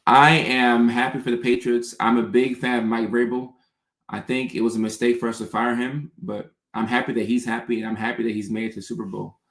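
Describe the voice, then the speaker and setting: A man's voice: mid-range voice, little pitch movement, fairly quick, fairly bright tone, echoey room. A man hosting a casual livestream, chatting as he reads out viewer questions and answers them.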